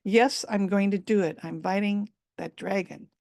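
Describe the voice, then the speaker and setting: A brave young village girl speaks firmly and plainly, as a woman storyteller puts her on. The voice has a gravelly edge and sounds close and dry. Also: mid-range voice, moderate pace, a little mellow, no echo, natural voice. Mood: determined. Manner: plain and resolute.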